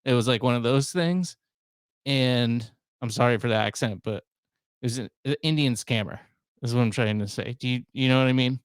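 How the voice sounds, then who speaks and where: A man's voice: medium pitch, normal speed, smooth, dry recording. A man in his thirties hosting his own podcast, talking alone in a rambling, self-mocking way with a lot of asides. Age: 30s. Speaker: podcast host. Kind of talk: casual solo monologue.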